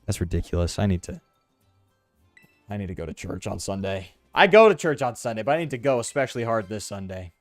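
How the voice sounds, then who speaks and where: A man streams a game in casual, joking commentary, throwing in crude slang and reading the game's text aloud. His pitch bounces up and down as he reacts. The voice sits close and dry, with no room around it. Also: sing-song, fairly quick, no room sound, faint music behind. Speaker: let's play streamer.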